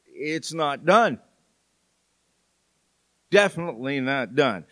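A middle-aged man preaching a sermon in church, telling stories with dramatic pauses. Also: a little high, fairly bright tone. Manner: slow, storytelling delivery with dramatic pauses. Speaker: pastor. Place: church sanctuary.

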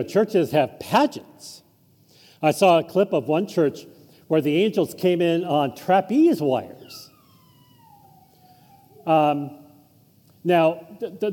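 A man with a fairly high voice delivers an informal, conversational sermon. His pitch swings widely as he talks, and a long hall reverb trails each phrase across the church. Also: slightly rough. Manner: informal, chuckling asides, animated intonation. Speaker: pastor. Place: church sanctuary.

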